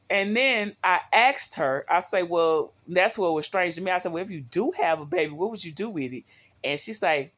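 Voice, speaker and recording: Middle-aged woman rambling into her phone at home, chatty, keeps asking viewers stuff. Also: deep voice. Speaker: vlogger. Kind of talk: casual talk to viewers.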